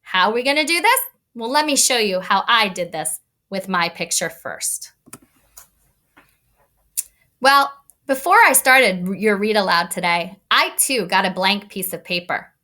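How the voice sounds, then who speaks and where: A woman teacher giving an online read-aloud lesson to young children, talking in an expressive, kid-directed way. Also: mid-range voice, normal speed. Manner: animated, expressive teacher voice addressing kids. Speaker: elementary school teacher.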